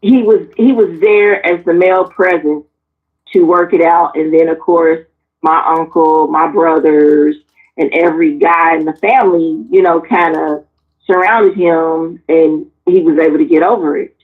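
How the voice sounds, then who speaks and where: A woman in her forties, frank and animated, telling personal stories on a talk panel and swearing freely as she acts out the people in them. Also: sits low, unhurried. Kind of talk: candid personal storytelling. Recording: tinny phone-like sound.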